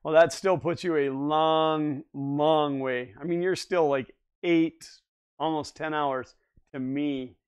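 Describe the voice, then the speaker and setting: A man's voice: a little high, fairly even intonation, slow, clear, resonant tone. A man hosting a livestream, chatting casually and reading viewer comments aloud, easygoing and often laughing. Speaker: livestream host.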